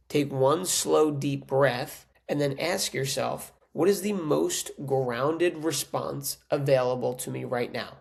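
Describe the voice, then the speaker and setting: A man's voice: mid-range voice, vocal fry, a little mellow. A man hosting a podcast, talking earnestly and conversationally as a coach, often checking in with "right?". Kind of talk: casual motivational monologue.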